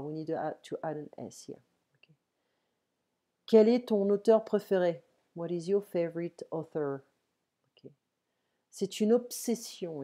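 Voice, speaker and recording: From home, a French-accented woman whose voice sits low leads a relaxed one-on-one French lesson on an online call with a computer mic. Her explanations are slow and stepwise, switching between French and English, punctuated by frequent "ok"s.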